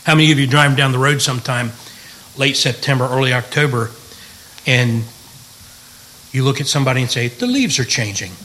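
A man's voice: mid-range voice, fairly even intonation, fairly quick, pauses often, pushed and bright, a little hiss or hum, rough recording. A middle-aged man, a pastor, teaching the Bible in a folksy, joking way and asking the room questions.

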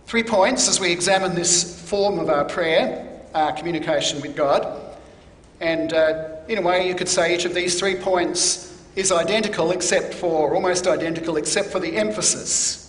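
A man preaching a sermon in a measured, deliberate teaching manner, stressing key words. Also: sits high. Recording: echoey hall.

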